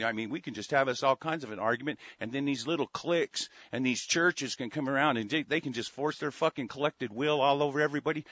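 A man's voice: medium pitch, a bit bright, no room sound. Man, radio host, furious rambling rant, profane, lots of restarts, dry muffled sound. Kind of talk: angry call-in radio rant. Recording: dry, dull lo-fi studio sound.

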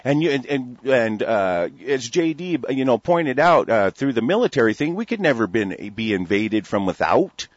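Man, husky, dry close sound, rambling and stammering, profane talk-radio rant, dull lo-fi recording. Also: mid-range voice, very animated, normal speed, hardly any pauses, no echo. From United States.

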